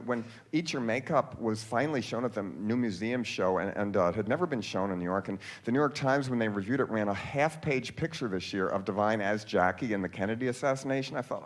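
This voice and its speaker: A man's voice: medium pitch, very animated. Wry man telling comic stage stories. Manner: wry, dry storytelling with quick asides. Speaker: filmmaker performing a monologue. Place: theater stage.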